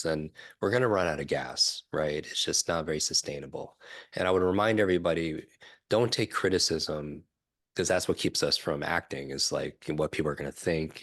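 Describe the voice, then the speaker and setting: A middle-aged man, a podcast guest, telling a personal story in an animated way, acting out what others said and often asking "right?". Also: a bass voice, no echo, studio quality. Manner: animated storyteller, acts out quoted voices, frequent "right?". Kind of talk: storytelling in a conversational interview.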